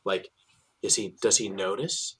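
A man, working as a tour guide, telling animated stories in casual chat with many fillers and restarts. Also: measured pace, husky, rough recording. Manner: animated storyteller, many fillers and restarts, drops low for asides.

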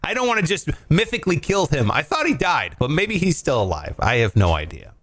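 A man's voice: wildly swooping pitch, a little fast, a bit bright. A man hosting a podcast, rambling and swearing in casual, joking banter. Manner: profane, rambling, jokey, big pitch jumps. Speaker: podcast host.

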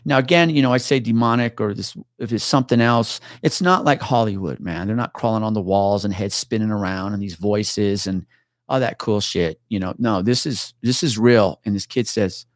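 A man's voice: lowish voice, normal speed, no room sound, studio quality. A man guest on a podcast, a retired police officer telling a story in casual talk, swearing freely and acting out what others said.

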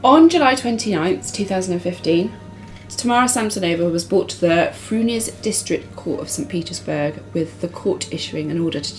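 A woman's voice: on the low side, expressive, normal speed, few pauses, soft background music, poor audio. A woman hosting a casual podcast, reading case details and then chatting loosely with her co-host. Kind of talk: casual true-crime chat.

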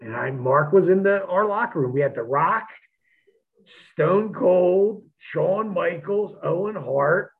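A man telling profane, animated stories about his days as a wrestler in a casual chat. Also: fairly high pitch, gravelly. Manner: profane, animated, acts out quotes of others. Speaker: podcast guest, former wrestler. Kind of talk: casual storytelling. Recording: tinny phone-like line.

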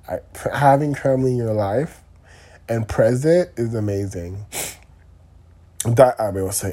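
A young man talks alone on his podcast, drifting from thought to thought in a loose, candid ramble. His voice is warm and a little breathy. He swears offhandedly as he goes. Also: mid-range voice. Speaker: podcast host. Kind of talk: solo podcast monologue.

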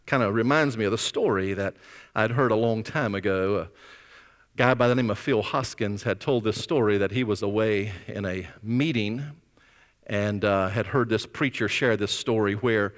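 Storytelling preacher in an echoing hall. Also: male voice, on the low side, moderate pace. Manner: conversational, animated storytelling. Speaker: pastor. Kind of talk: sermon.

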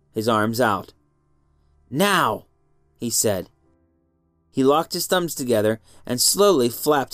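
A male narrator reads a story aloud with a lively, lilting voice that swings widely in pitch. The sound is dry and close, with no room to it. Faint music plays underneath. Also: no echo. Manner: expressive, lilting delivery. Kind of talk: storybook reading.

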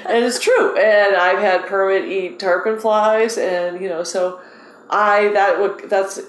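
A woman fishing guide, excitable and animated, telling stories in a casual interview. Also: mid-range voice, slow, echoey room, low-quality recording.

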